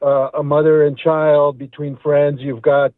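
A man's voice: fairly high pitch, flat delivery, unhurried, dry recording. A middle-aged man calling in to a radio show, speaking earnestly and reflectively and repeating words as he thinks. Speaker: caller. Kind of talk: phone call to a radio show. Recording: tinny phone line.

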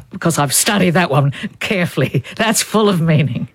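A woman's voice: deep voice, expressive, a little fast, dry recording, clean studio sound. A woman speaking as a language expert on radio, explaining word meanings in a thoughtful, good-humoured way. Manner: thoughtful, explanatory, laughs easily. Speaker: linguist guest.

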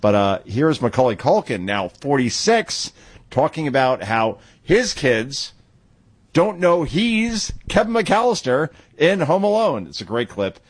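Husky-voiced male radio talk host. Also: mid-range voice, big pitch swings, a little slow, no echo. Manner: chatty, conversational, lots of asides.

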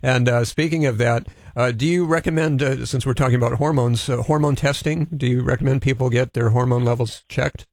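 A man hosting an interview show, halting and casual, with many restarts. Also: medium pitch, fairly even intonation, a little mellow, no echo, studio quality. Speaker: radio show host.

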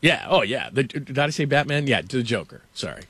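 A man's voice: medium pitch, big pitch swings, a little fast, crowd noise. Chatty middle-aged male radio host. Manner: loose and chatty, laughs often, many fillers and restarts. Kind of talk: casual morning radio chat and storytelling. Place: radio studio. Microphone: studio microphone.

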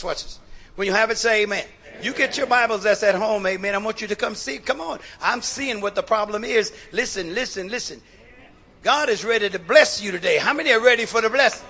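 A male pastor preaching a sermon, calling out to the congregation, swinging between loud exhortation and hushed talk. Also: sits high, husky. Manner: preaching with call-and-response and repeated "watch this".

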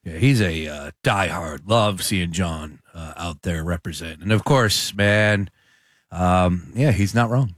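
A man's voice: low-pitched, a little slow, no echo, studio quality. A man co-hosting a sports radio show, defending his view of a quarterback. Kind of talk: sports talk radio chat. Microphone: studio mic.

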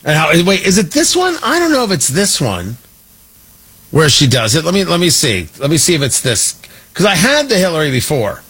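A man riffs on the day's news as a talk-show host, sarcastic and mocking, often stopping to restart his thought. His husky voice sits high and swoops with a lively pitch. It has a bright, forceful edge. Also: normal speed. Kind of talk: opinionated talk-show commentary.

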